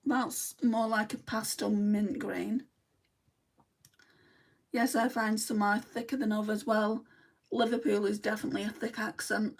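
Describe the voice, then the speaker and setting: A woman's voice: mid-range voice, little pitch movement, measured pace, pauses often. Chatty Lancashire woman with a distant mic. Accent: Lancashire English. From Lancashire, England. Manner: chatty and blunt. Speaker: beauty vlogger. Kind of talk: casual makeup livestream chat, answering viewer comments.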